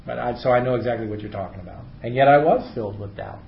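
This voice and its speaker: A man's voice: mid-range voice, quick pace, vocal fry, reverberant, highs cut off, a little hiss or hum. A middle-aged man teaching a Bible class, chatty, asking his class rhetorical questions. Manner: conversational, often asks rhetorical questions.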